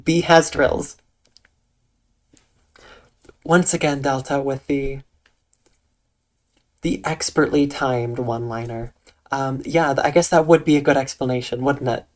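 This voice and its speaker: Soft-spoken, calm livestream host. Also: mid-range voice, moderate pace. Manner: soft, calm tone with eloquent diction. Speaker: Twitch streamer. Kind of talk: casual livestream chat reading out viewer comments.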